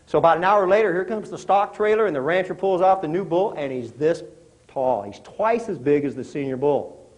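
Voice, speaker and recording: A man's voice: a little high, animated, brisk, rough recording. Conversational middle-aged man addressing an audience. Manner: conversational, questions the audience, tells jokes. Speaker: motivational speaker. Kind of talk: motivational talk to a live audience.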